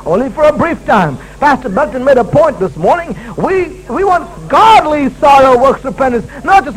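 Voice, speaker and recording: A male preacher delivers a sermon in a church service, hammering his points through repetition. His voice sits very high and swings widely, rising and falling with each emphatic phrase. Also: lively intonation, moderate pace, hardly any pauses, rough recording. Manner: emphatic and repetitive, restating key lines.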